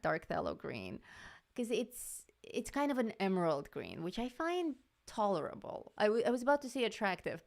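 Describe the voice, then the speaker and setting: A woman's voice: medium pitch, gravelly. A woman hosting a live coloring stream, chatting casually with viewers, laughing often and greeting people in the chat.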